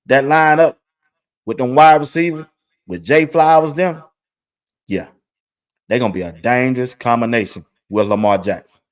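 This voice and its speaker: Man, sports commentary host, lively and chatty with his audience. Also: mid-range voice. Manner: excited, chatty, talks to viewers directly. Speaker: sports talk show host. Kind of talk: casual commentary over video clips.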